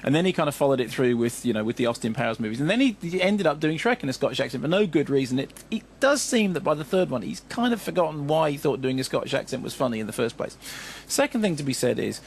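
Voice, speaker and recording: A man's voice: mid-range voice, big pitch swings, fast, hardly any pauses, slight background noise. A man giving a wry, digressive radio film review as a film critic, full of asides.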